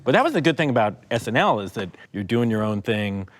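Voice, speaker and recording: A man's voice: mid-range voice, very animated, quick pace. A man actor telling a sheepish, stammering story at a roundtable. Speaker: actor guest. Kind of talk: roundtable anecdote.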